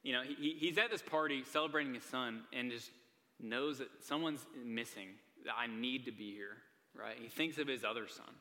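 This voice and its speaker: A young male preacher talks to a gathered crowd in a casual, earnest way and keeps checking in with them. His voice is bright and forceful. A long reverb from the church hall trails after his words. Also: mid-range voice, moderate pace. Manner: casual and earnest, many "like" and "right?" asides. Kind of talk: sermon. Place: church hall with a live audience.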